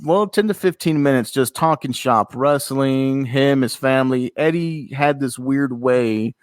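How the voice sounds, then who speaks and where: A man co-hosting a podcast, casually telling a story and getting animated when he quotes people. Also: mid-range voice, a little slow, no echo. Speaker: podcast co-host.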